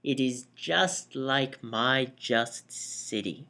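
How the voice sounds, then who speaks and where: A young student acting out philosophers in a class skit, declaiming in a slow, theatrical way. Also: medium pitch, sharp tone.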